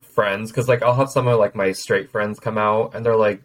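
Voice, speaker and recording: A man's voice: on the low side, steady tone, moderate pace, poor audio. A young man as a podcast guest, telling stories frankly with plenty of swearing. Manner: frank, profane storyteller. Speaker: podcast guest, drag performer. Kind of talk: casual interview chat.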